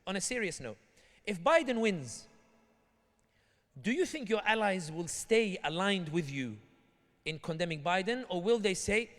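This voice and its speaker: A man's voice: high-pitched, normal speed. A man from Tunisia with a British accent, giving a community talk as a guest speaker and acting out characters in his anecdotes. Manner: animated storytelling, acts out characters. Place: large hall at an Islamic center. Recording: echoey hall reverb.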